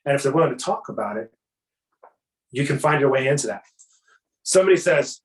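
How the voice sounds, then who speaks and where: Energetic man coaching salespeople, echoey room. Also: fairly high pitch, fairly quick, pauses often. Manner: energetic, acts out customer dialogues. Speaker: sales trainer. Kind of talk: casual sales coaching talk.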